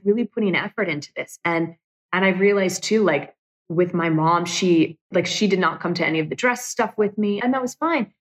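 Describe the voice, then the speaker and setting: A woman's voice: fairly low pitch, low-quality recording. A woman hosting a solo podcast, talking candidly and emotionally with frequent "like" fillers. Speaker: podcast host.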